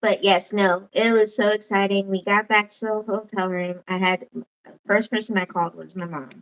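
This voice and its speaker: A woman co-hosting a casual talk show, excitable and quick to laugh. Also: mid-range voice, rough recording. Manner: giggly, excitable. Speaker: podcast co-host. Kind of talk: casual chat.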